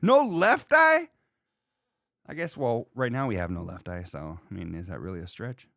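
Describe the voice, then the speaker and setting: A man hosting a podcast in casual chat, rambling and joking in an animated way. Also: low voice, a little fast, vocal fry, no echo, studio quality. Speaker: podcast host.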